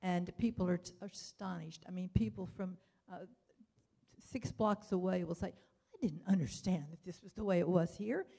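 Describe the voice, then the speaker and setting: A woman's voice: on the low side, normal speed, gravelly, dark tone. An older woman giving rambling, chatty public testimony at a hearing, full of wry asides.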